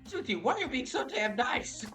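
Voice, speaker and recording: A man's voice: very high voice, sing-song, bright, forceful tone, recorded from a distance, soft background music, voice pushed up, full character voice. A man voicing a rude, odd young woman on a phone line who is brash and indignant. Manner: brash, indignant, quick to cuss.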